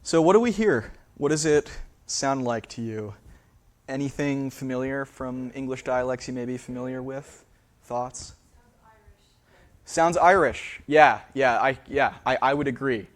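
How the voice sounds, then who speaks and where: A man's voice: medium pitch, measured pace. A man, a linguist, giving a public lecture in a theater, hesitant and full of fillers and restarts.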